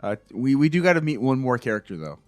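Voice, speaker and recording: A man's voice: mid-range voice, big pitch swings, fast talker, dry recording, soft background music. Man casually recapping a show. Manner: retells scenes with filler likes and acted quotes. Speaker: podcast co-host.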